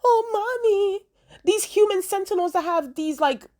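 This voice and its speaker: A woman's voice: extremely high pitch, lively intonation, unhurried, a little mellow, voice pushed up. Woman mocking a whiny young man pleading. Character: whiny young man begging his mother for help.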